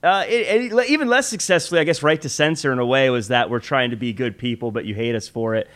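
A man co-hosting a casual podcast chat, laying out his points in a measured, analytical way with some self-deprecating humor. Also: mid-range voice, fairly bright tone. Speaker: podcast co-host.

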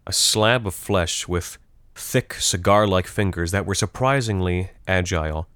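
A man's voice: deep voice, unhurried, a bit bright, clear, resonant tone, no echo. A man reading a scripted first-person horror story in a reflective, nostalgic way. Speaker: narrator.

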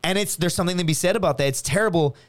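Animated, foul-mouthed man telling stories. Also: high voice, racing, no echo. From United States. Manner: animated, profane, acts out friends' voices. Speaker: podcast guest. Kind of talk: casual storytelling chat.

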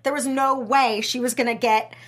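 A woman co-hosting a podcast, chatting casually about a reality competition show and talking in an animated, slightly exasperated way. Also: a little high, moderate pace. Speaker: podcast co-host. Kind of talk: casual chat.

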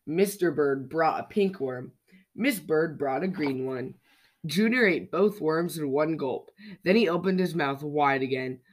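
A podcast storyteller reading a children's picture book aloud with a lively, expressive delivery. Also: medium pitch, unhurried.

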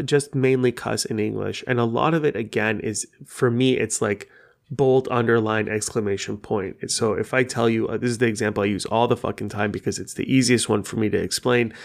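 A man's voice: medium pitch, vocal fry. A man whose first language is Persian hosts his own podcast in frank, casual solo talk. He rambles with lots of fillers and swears freely. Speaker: podcast host.

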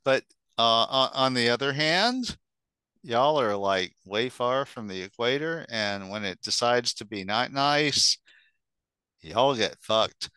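Bright, crisp-voiced man telling anecdotes. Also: medium pitch, takes it slowly, no room sound. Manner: relaxed rambling anecdotes with casual swearing. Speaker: regular podcast guest. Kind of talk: casual chat.

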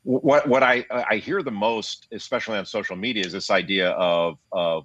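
A man in his fifties with a lowish voice lays out his views in a steady, reasoned way, often restarting his sentences as he thinks. The sound is dull and lo-fi, with a dry, close feel and no room around it. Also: breathy edge, no echo. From United States. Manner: measured, reasoned, frequent restarts. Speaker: guest, basketball analyst. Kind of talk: interview conversation.

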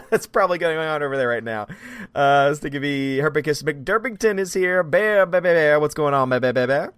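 A man's voice: a little high, fairly bright tone, clear, resonant tone, no echo. A man hosting a casual live stream, greeting viewers by name and reading their comments aloud.

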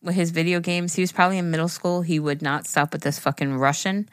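A woman with a Long Island accent co-hosting a podcast, chatting casually with drawn-out phrasing and casual swearing. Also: on the low side, fairly even intonation, smooth, no echo, studio quality. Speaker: podcast co-host. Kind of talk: casual chat.

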